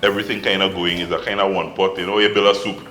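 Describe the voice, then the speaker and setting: Trini guy hosting a cooking show, deep voice, echoey room, bit of music behind. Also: fast. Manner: lively, chatty, laughs easily. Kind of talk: casual cooking chat.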